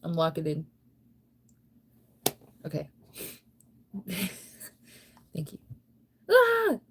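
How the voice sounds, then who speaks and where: A woman's voice: lowish voice, measured pace, slight background noise. Sleepy young woman livestreaming. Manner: relaxed, rambling, heavy use of "like". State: sleepy, yawning. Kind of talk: casual late-night stream chat.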